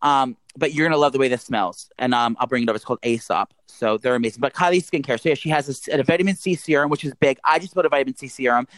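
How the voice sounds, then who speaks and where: A man co-hosting a podcast, chatting crudely and excitably about celebrity gossip. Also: mid-range voice, rapid-fire, few pauses, dry recording, low-quality recording. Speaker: podcast co-host. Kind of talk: casual gossip chat.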